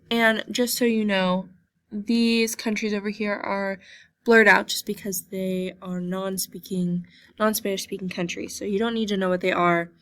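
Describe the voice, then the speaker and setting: A young woman teaching a Spanish class, going slowly over a map and repeating each country name so students can copy how it is said. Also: mid-range voice, no echo. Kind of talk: geography lesson over a map.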